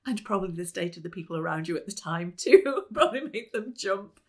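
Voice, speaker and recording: Upbeat woman giving a talk. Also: fairly quick. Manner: upbeat, laughs often, bursts into high excited exclamations. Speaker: speaker. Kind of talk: motivational talk to a live audience. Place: business meeting room.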